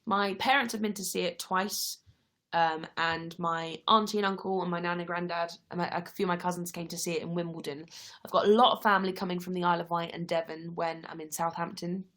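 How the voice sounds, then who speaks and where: A woman's voice: fairly low pitch, flat delivery, a little fast, fairly bright tone. A young woman hosting a casual livestream, answering viewer questions in a chatty, friendly way while tired and yawning. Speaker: livestream host.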